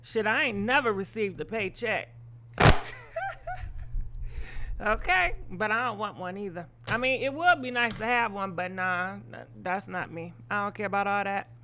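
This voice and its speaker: A woman's voice: mid-range voice, normal speed, hardly any pauses, bright, forceful tone, slight background noise. A woman hosting a live gossip stream, giving blunt, opinionated commentary full of swearing and rambling asides. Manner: rambling with frequent ums and asides. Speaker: gossip show host.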